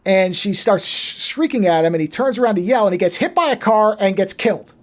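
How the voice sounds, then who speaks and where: Podcast co-host, casual film recap, animated storytelling, swears freely, mid-range voice. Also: mid-range voice, brisk. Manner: acts out characters' lines mid-story. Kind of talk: casual movie recap chat.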